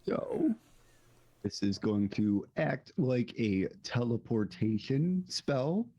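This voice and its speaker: A man acting as dungeon master, narrating scenes and calling for dice rolls in a relaxed, unhurried way. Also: medium pitch, breathy edge, lo-fi sound. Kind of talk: running a tabletop game.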